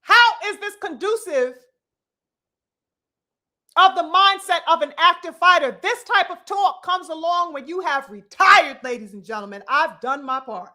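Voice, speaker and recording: A woman's voice: extremely high pitch, lively intonation, measured pace, pushed and bright. A woman hosting a boxing commentary vlog, ranting in a preachy, mocking way, full of blunt, profane rhetorical questions and calls to her brothers and sisters. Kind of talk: opinionated commentary rant.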